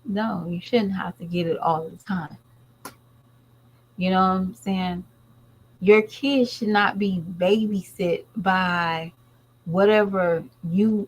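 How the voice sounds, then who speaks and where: A woman's voice: mid-range voice, fairly even intonation, takes it slowly, rough recording. A woman vlogger and mother talking straight to her viewers in a blunt, rambling, casual way. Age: adult parent. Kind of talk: casual commentary chat.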